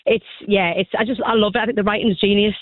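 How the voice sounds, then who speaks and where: Radio guest: quick, effusive woman, dry phone-line sound. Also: medium pitch, steady tone, no room sound. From North of England. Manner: bubbly, gushing, fast and effusive. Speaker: guest singer and actress. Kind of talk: chatty radio interview.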